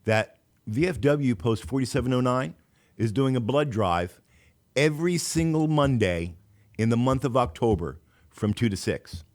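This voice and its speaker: A man's voice: mid-range voice, lively intonation, moderate pace, a little mellow. A man hosting a casual radio talk show, chatty and given to restarts.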